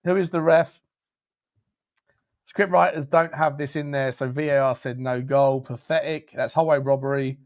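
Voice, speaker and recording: A man co-hosting a live match watchalong, reacting loudly with exasperated, sweary outbursts. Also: medium pitch, fairly even intonation, moderate pace. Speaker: watchalong co-host.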